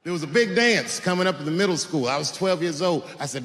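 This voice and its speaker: A man performing stand-up comedy on a large theater stage, storytelling with sudden swings between low mutters and loud outbursts. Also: expressive, fast talker, hardly any pauses, long reverb tail, slight background noise.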